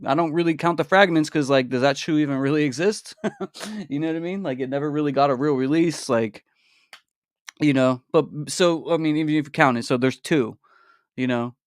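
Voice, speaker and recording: A man hosting a casual livestream, talking in a relaxed, rambling way with fillers and restarts. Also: on the high side, normal speed, dry recording, studio quality. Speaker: livestream host.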